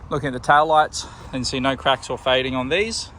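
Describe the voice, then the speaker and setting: An Australian man working as a car salesman talks through a vehicle tour in an easy, matter-of-fact way. His voice is bright and forward at a middling pitch. He is recorded on a camera mic around and inside a car, with a faint hum of outdoor noise behind him. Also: brisk. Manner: relaxed, plain-spoken, pointing things out as he goes. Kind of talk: walkaround car video tour.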